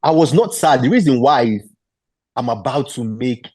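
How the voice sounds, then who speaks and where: A man's voice: mid-range voice, normal speed, dry recording. Man with a Nigerian accent telling a story. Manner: animated retelling, acting out the people he quotes; frequent restarts and repeated words. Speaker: guest footballer. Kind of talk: storytelling interview.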